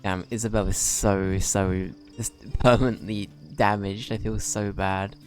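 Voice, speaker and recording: A man's voice: fairly low pitch, little pitch movement, measured pace, faint music behind. A man streaming a video game, chatting casually and laughing often. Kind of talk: casual gameplay commentary.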